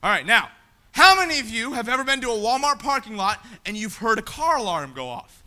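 Guy preaching in church, really high voice, super bright, shouts then goes quiet. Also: fairly quick. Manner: animated, swings between shouting and quiet asides. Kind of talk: sermon. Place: church sanctuary.

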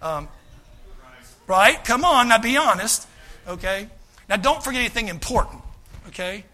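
A male pastor, preaching a folksy, animated sermon, often acting out quoted voices and repeating his starts. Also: sits high, normal speed.

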